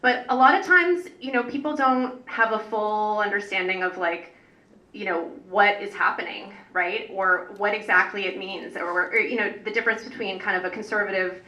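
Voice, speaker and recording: Speaking at a moderate pace, a woman parent organizer uses a bright, forceful, mid-range voice during unscripted remarks on a public panel. She rambles earnestly with plenty of fillers and restarts, picked up by a far-off mic in an echoey hall.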